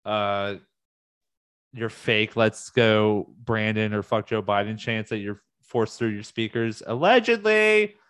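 A man's voice: takes it slowly, a bit bright, clean tone, dry recording, clean studio sound. Heated, profane man ranting on a vlog. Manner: heated, profane, with sudden high-pitched outbursts. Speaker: music fan ranting on video. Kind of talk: casual rant.

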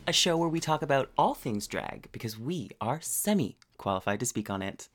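A man's voice: medium pitch, big pitch swings, normal speed, faint music behind. A man who performs as a drag queen, co-hosting a casual podcast, bubbly and chatty while stuffed up from a cold. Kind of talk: casual chat. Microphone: remote call setup.

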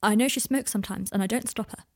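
A woman's voice: mid-range voice, darkish tone, slightly rough. A woman reading as a panicked young wizard. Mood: confessing. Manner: frantic, halting speech.

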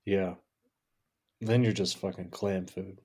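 A man's voice: deep voice, steady tone, takes it slowly, a little mellow, slightly rough. A man co-hosting a podcast, talking in a laid-back, wry way and swearing casually. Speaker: podcast co-host. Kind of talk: casual chat.

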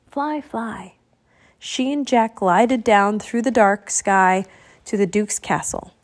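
A woman's voice: mid-range voice, slow pace. Woman reading a children's story aloud. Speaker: narrator. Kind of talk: audiobook narration of a children's novel.

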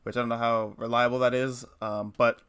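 A young podcast co-host tells stories in casual chat, rambling and packing in fillers. His medium-pitched voice is clean and a bit bright, a little fast, with little pitch movement.

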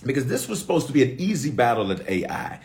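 Animated preaching man, lively pitch. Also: fast. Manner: animated, call-and-response preaching with playful asides. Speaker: bishop, preacher. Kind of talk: sermon.

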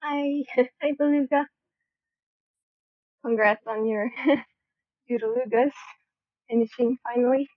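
Shy woman, nervous laughter, husky, dry lo-fi audio. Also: a little high, steady tone, slow, pauses often, dry recording. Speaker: co-host of an online audio room. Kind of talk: heartfelt thank-you speech. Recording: dull lo-fi audio.

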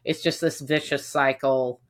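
A woman's voice: very deep voice, fairly even intonation, measured pace. A woman chatting casually on a podcast, venting with plenty of swearing and acting out what people said. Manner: venting, profane, acts out quotes. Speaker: podcast co-host. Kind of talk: casual chat.

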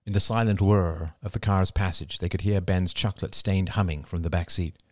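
Low-voiced man narrating an audiobook. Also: fairly even intonation, fairly quick, hardly any pauses, no echo, clean studio sound. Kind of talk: scripted narration.

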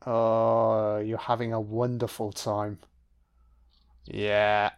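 A man giving an audio-only film commentary, reacting with profane, excitable remarks. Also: lowish voice, drawn-out words, clean tone, dull audio.

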